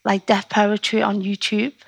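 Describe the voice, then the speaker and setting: A woman with a Scouse accent, a poet talking in a casual interview and telling her stories in a chatty, animated way. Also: medium pitch, gravelly, breathy edge, dry recording. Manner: animated, chatty storytelling with quick asides. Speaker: poet, guest.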